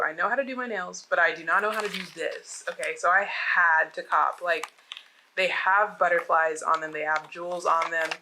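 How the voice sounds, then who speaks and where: A young woman from the States chats through an unboxing in an easy, bubbly way, sprinkling filler words through every sentence. Her voice sits fairly low for a woman. A steady hum of noise runs under the recording. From United States. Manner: bubbly, chatty, lots of "like" fillers. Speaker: vlogger. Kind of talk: casual unboxing chat.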